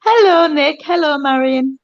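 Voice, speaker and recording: Congregation member, woman, high voice, muffled lo-fi audio. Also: lively intonation, a little slow.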